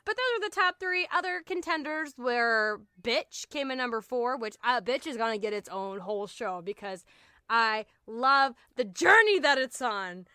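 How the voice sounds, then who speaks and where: On a podcast she co-hosts, a woman chats casually and jokes about word history, bright, joking and quick to laugh. Her voice is a little high, animated and smooth, captured in clean studio sound with no echo.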